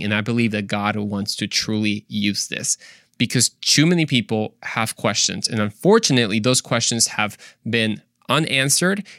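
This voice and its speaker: A young man talks straight into the mic on his faith podcast, earnest and easygoing, stacking up rhetorical questions. His pitch sits in a mid range, and the recording is dry and close, with no room sound. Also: a bit bright, no room sound. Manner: earnest, fires off rhetorical questions, casual slang. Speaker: podcast host.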